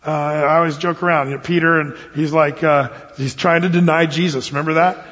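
A man's voice: a little high, steady tone, brisk, fairly bright tone. A man preaching a sermon as a pastor, in a folksy, self-deprecating, conversational way. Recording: dull lo-fi, long hall reverb.

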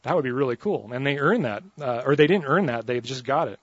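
Animated joking male preacher. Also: medium pitch, quick pace, husky, no echo, muffled recording. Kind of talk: storytelling sermon.

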